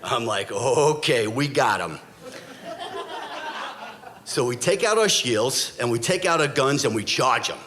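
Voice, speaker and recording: A middle-aged man, a former police officer, telling a true story on stage before a live audience in a dramatic, blunt, animated way. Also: medium pitch, normal speed, hardly any pauses, a crowd in the background.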